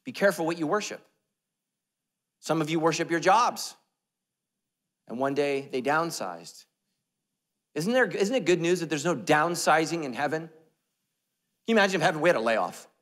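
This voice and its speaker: A man preaching a sermon as pastor, animated and joking, dropping to a hush and jumping up loud. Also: on the high side, moderate pace, pauses often, big-room sound. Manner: animated, joking, swings between loud and hushed. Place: church sanctuary.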